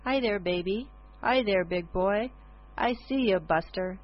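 A woman voicing a ragged, toothless old homeless man who calls out loudly across a room. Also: mid-range voice, unhurried, lo-fi sound, natural voice. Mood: cooing.

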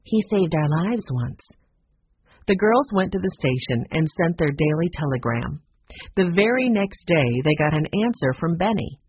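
An audiobook narrator giving a lively, expressive reading of a children's story on a dull lo-fi recording. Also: medium pitch, moderate pace, a little hiss or hum.

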